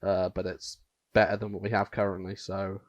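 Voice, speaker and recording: A man's voice: low voice, little pitch movement, normal speed, no room sound, highs cut off. An eighteen-year-old man co-hosting a podcast in casual chat, swearing often and laughing at himself. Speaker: podcast co-host.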